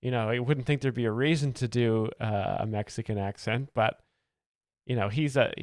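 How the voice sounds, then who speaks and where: A man hosting a satirical commentary video, talking in a deadpan, mock-earnest way with many fillers. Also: medium pitch, normal speed, dry recording, clean studio sound. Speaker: comedy video host.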